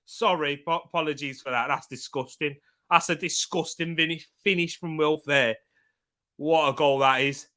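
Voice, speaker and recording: Excitable man, bright voice. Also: medium pitch. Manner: chatty, bursts into loud excited shouting at big moments. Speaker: football watchalong host. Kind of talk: live match commentary and chat.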